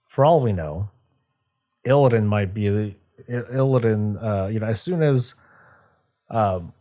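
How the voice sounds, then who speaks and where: On a livestream, a young man with a lowish, slightly mellow voice discusses game lore in a loose, rambling way. He swears, cracks jokes while retelling a story, and slips into quick character voices.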